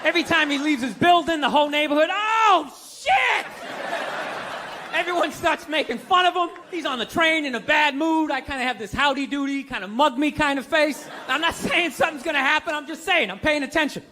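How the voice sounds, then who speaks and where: High-pitched guy ranting through a stand-up set, punchy forceful delivery, yells a lot. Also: quick pace, hardly any pauses, some chatter behind, slight background noise. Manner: ranting, incredulous, bursts into shouting. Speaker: stand-up comedian. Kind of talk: stand-up routine. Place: comedy stage before a live audience.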